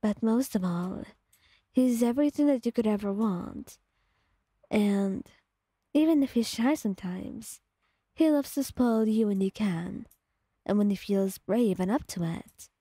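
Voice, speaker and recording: A woman with a breathy voice telling a calm second-person story in soft ASMR narration, close to the mic. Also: mid-range voice, a little slow, no room sound.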